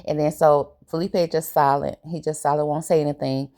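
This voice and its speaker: A woman giving a casual, opinionated recap of a reality TV episode, animated and colloquial. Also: low-pitched, a little fast. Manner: animated, opinionated, briefly acts out quoted lines; relaxed colloquial grammar.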